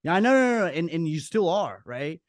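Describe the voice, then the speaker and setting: A man's voice: fairly high pitch, big pitch swings, brisk, no echo, studio quality. A man hosting a casual podcast interview, laid-back and loose, calling his guest bro and dude. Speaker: podcast host.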